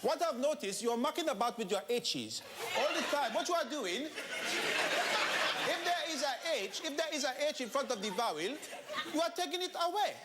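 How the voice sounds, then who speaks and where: A man's voice: very high-pitched, sing-song, moderate pace, very noisy. A man playing a self-important Nigerian accountant who lectures the crowd in a Nigerian accent. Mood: pompous. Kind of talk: stand-up character comedy. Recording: live show with loud audience laughter.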